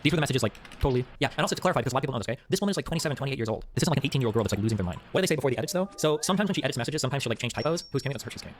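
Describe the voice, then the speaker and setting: A man's voice: medium pitch, lively intonation, very fast, hardly any pauses, a little hiss or hum. A man streaming live, talking in a rambling, profane way and often tagging "okay?" onto his sentences. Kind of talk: casual live-stream monologue.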